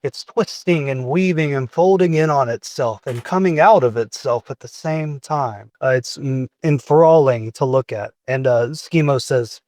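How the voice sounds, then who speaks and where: A man's voice: medium pitch, measured pace, hardly any pauses, a little mellow, dry recording. A man narrating a tabletop game as game master, setting scenes in descriptive detail.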